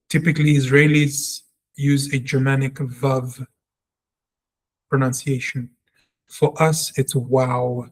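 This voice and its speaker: A man giving a spoken language lesson, talking earnestly and reflectively, and repeating sounds slowly to show how they are said. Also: medium pitch. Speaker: Hebrew teacher.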